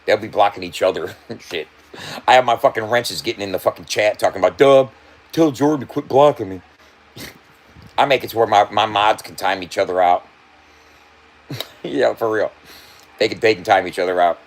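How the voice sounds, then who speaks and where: A man's voice: on the low side, brisk, long pauses. Profane laughing livestreamer man. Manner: loose, profane, laughing often. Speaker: livestreamer talking to his chat. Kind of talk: casual livestream banter.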